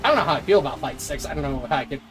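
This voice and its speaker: Lively jokey man reacting to trailers. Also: on the high side. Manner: animated, jokey, quick asides. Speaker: streamer co-host. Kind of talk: casual live reaction chat. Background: game trailer music.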